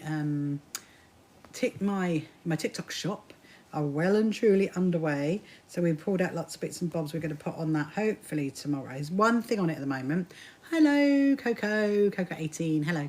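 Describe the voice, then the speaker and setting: A woman's voice: lowish voice, darkish tone. A woman with a mixed Kentish and Sussex English accent, chatting casually with livestream viewers while she sews, greeting them by name and laughing often. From south coast of England. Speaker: livestream host. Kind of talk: casual chat while sewing.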